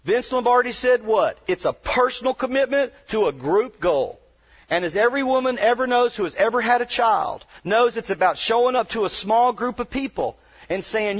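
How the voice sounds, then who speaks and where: High-voiced man telling a dramatic story. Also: expressive, normal speed, slightly rough. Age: adult wheelchair user, paralyzed from injury. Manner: dramatic storytelling, swings from hushed to shouting; self-deprecating humor. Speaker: motivational speaker. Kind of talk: motivational speech.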